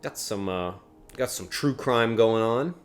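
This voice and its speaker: A man's voice: medium pitch, a little slow, faint music behind. A man casually commenting on a video game, wry and joking as he riffs with a friend. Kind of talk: casual let's play commentary.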